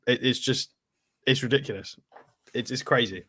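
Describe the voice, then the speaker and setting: Co-host, male: emphatic, excitable banter, ordinary mid-range voice. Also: mid-range voice, moderate pace, slight background noise. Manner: enthusiastic, emphatic. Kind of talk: live stream chat.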